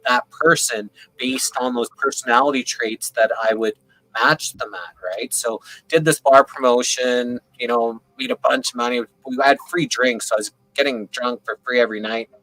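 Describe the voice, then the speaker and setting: A man telling a long, rambling story in casual conversation on a video call, keeping it animated and often checking in with the listener. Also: medium pitch, normal speed, no room sound, rough recording. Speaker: open panel participant.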